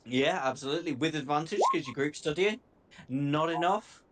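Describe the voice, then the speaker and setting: A man from northern England running a tabletop game as game master, easygoing and quick to laugh. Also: fairly high pitch, expressive, heavy background noise.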